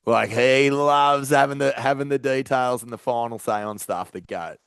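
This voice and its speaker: An Australian man co-hosts a podcast with relaxed, agreeable banter in a mid-range voice. The recording is close and dry. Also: mid-range voice, normal speed, vocal fry, clear, resonant tone, dry recording. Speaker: podcast co-host. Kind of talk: casual chat.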